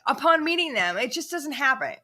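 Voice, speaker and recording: A woman's voice: high voice, very animated, brisk, bright, forceful tone. A woman co-hosting a casual podcast, chiming in with blunt, profane remarks. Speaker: podcast co-host.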